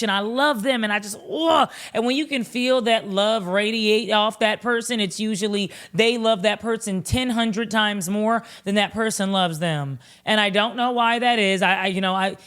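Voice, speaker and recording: A woman vlogger recapping reality TV in a casual, animated and blunt way, swearing freely. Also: mid-range voice.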